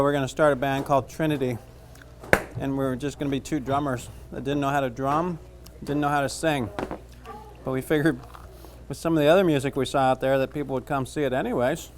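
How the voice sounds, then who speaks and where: A man's voice: mid-range voice, brisk, long pauses, noisy background. A man teaching a cooking class, chatting casually and joking as he cooks. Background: frying and sizzling.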